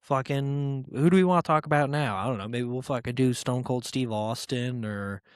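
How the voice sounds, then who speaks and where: A man's voice: mid-range voice, moderate pace, smooth, dry recording. Brief: male podcast host, irreverent and rambling, swears a lot, mid-range voice, dry close sound. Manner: rambling and profane, with filler words; irreverent and joking. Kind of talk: casual podcast monologue.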